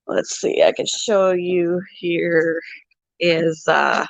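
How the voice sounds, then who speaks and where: A woman hosting a casual pet livestream at home. She talks softly, sometimes in a whisper, and coos at her animals in baby talk. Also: lowish voice, fairly even intonation, very slow, gravelly, no room sound, dull audio. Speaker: pet channel host.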